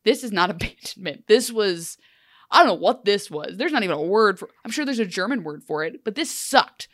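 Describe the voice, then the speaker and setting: A woman's voice: mid-range voice, lively intonation, brisk, fairly bright tone, dry recording. Emphatic woman, dry close sound. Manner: emphatic, rambling opinions with restarts. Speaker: podcast co-host. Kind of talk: casual chat recapping a TV show.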